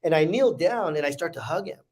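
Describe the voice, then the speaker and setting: A man's voice: a little high, expressive, fairly quick, a little mellow. Earnest man telling a heartfelt story. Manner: earnest, repeats phrases. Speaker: podcast guest. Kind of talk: emotional storytelling.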